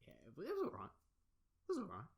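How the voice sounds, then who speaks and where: A man's voice: high voice, huge pitch swings, quick pace, gravelly, crowd noise. A man co-hosting a casual podcast, eagerly running through the news and teasing his friend. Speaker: podcast co-host. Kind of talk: casual chat.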